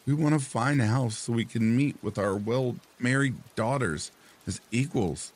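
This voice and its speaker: A man's voice: medium pitch, measured pace, voice pushed up, close to an everyday voice. A man voicing a weary, apologetic old fisherman in a storybook tale. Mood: meek. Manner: apologetic and mild.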